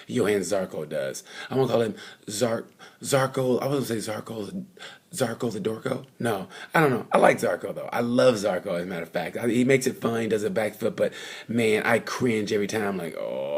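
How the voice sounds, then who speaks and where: A man's voice: on the low side, a little mellow, breathy edge. A man casually recapping motorcycle races in a rambling, chatty way, full of fillers and asides. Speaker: vlogger reviewing motorcycle races. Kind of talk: casual off-the-cuff race recap. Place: at the race circuit.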